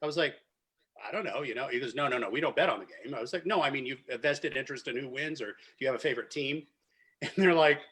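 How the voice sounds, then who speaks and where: A man's voice: medium pitch, fast. A man, a winemaker, chatting casually at a virtual wine tasting and telling stories with frequent laughter. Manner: animated storyteller, laughs often. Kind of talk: casual chat. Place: virtual tasting video call.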